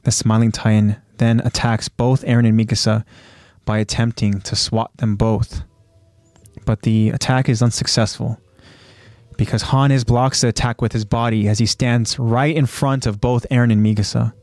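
A man retelling an episode in a casual, excited recap. He speaks at a middle pitch with loose fillers and keeps getting ahead of himself. The recording is dry and close. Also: no room sound. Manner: animated, quick to jump ahead, loose fillers. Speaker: co-host recapping an anime.

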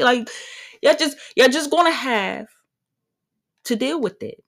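Woman, 30s, podcast host, solo rant, brash, profane, swaggering, slightly high voice. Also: very animated, normal speed, fairly bright tone.

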